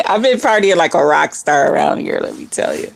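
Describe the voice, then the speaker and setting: A woman's voice: on the low side, sing-song, normal speed, vocal fry, slight background noise. A woman guest on a live stream panel, chatting in a playful, teasing way with frequent laughs. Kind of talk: casual chat.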